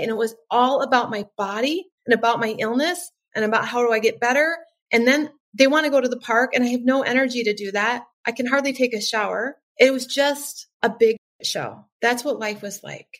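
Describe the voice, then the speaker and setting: A woman's voice: on the high side, a bit bright. A middle-aged woman guest on a podcast, earnestly recounting her experience in casual conversation and acting out her past thoughts. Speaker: podcast guest, nervous system coach. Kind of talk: casual interview chat.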